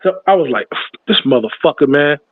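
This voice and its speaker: A man's voice: fairly high pitch, expressive, brisk, dry recording. A man telling a story from his childhood in casual talk, acting out the other people's voices. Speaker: podcast host. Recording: tinny, phone-like sound.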